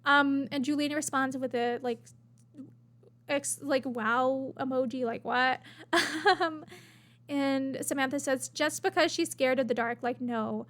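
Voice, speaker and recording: A woman's voice: sits high, unhurried, fairly bright tone. A woman casually commenting while reading out message screenshots, chatty with many fillers and bursts of gushing. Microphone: webcam-style desk setup.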